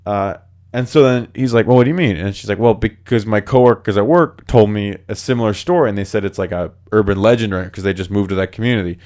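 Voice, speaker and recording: A man's voice: fairly low pitch, quick pace, darkish tone. A man hosting a podcast, telling spooky stories in casual chat, acting out the voices of people in them and using lots of filler words. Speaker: podcast host.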